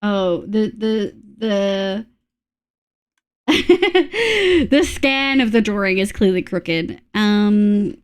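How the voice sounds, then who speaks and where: A young woman chatting casually on a live game stream, bubbly and quick to laugh as she reads her chat aloud. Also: mid-range voice, expressive, clean tone. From Australia. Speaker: VTuber streamer.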